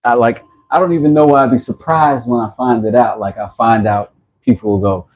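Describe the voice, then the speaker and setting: A man's voice: mid-range voice, fairly even intonation, fairly quick, lo-fi sound. A man hosting a casual woodworking livestream, rambling and self-mocking as he reads chat messages aloud.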